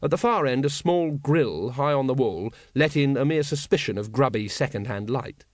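A man's voice: mid-range voice, lively intonation, normal speed, no echo. A man reading a novel aloud in a dry, wry storytelling manner. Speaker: audiobook narrator. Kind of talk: scripted narration.

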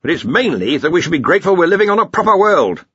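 A man voicing a blustering older male wizard archchancellor, booming and hearty, in an audiobook. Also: big pitch swings, fast, sharp tone, husky, no room sound, muffled recording, exaggerated voice. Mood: musing. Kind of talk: audiobook character voice.

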